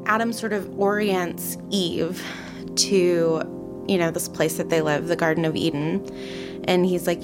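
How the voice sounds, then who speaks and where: A woman's voice: lowish voice, fairly even intonation, moderate pace, over music. A young woman casually retelling a story, chatty, full of voiced quotes and fillers. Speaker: guest.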